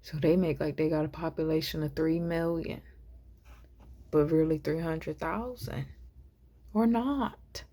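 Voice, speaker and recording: A woman vlogger musing aloud to camera, soft and rambling, often half-whispered. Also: sits low, a little slow, long pauses.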